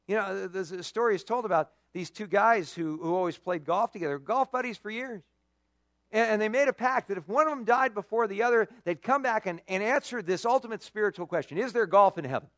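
A male pastor preaching a sermon, telling stories with lively dramatic emphasis. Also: high-pitched, a little fast, no echo. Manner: animated storytelling with dramatic emphasis.

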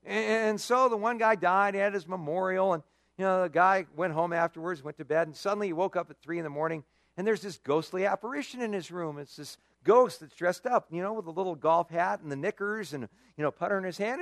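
A male pastor preaching a sermon, telling stories with lively dramatic emphasis. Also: high voice, brisk, dry recording. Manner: animated storytelling with dramatic emphasis.

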